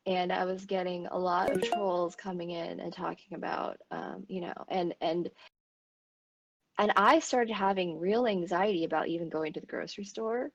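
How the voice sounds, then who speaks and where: A woman's voice: on the low side, normal speed, vocal fry, dull audio. An American woman streamer speaking in an earnest, heartfelt, rambling way, openly emotional as she talks. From United States. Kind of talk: earnest casual discussion.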